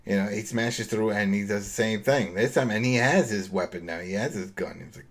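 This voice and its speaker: A man's voice: fairly low pitch, steady tone, brisk, few pauses. A man co-hosting a podcast, recapping a TV episode in casual chat, rambling and acting out the characters' lines. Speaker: podcast co-host.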